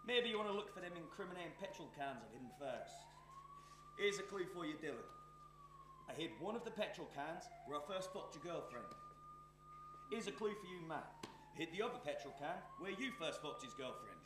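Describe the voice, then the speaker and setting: A man's voice: fairly high pitch, big pitch swings, fairly quick, echoey room, noisy background. An actor playing a menacing, scheming male arsonist on stage, taunting and sneering. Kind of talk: stage play performance.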